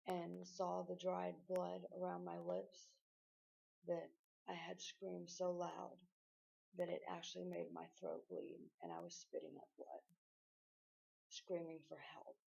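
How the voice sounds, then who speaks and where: A woman giving a halting, emotional personal account, with many restarts, recorded on a webcam. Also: lowish voice, vocal fry, warm tone, husky, highs cut off. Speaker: person recounting an arrest.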